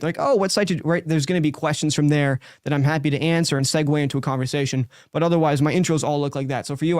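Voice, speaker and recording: Guy coaching on a live show, kinda high voice, talks fast and loose with lots of likes, dry close mic. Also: darkish tone, smooth, dry recording. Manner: direct and talkative, many likes and restarts. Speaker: sales coach and show host.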